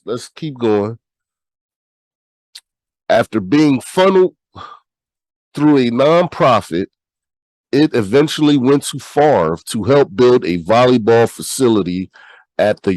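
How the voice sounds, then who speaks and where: Man, nasal, sick and congested, blunt podcast commentary, unhurried delivery. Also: mid-range voice, a little mellow, dry recording, rough recording. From United States. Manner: blunt, repeats himself, swears freely. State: sick, stuffy. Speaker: podcast host. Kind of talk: casual commentary, reading news aloud.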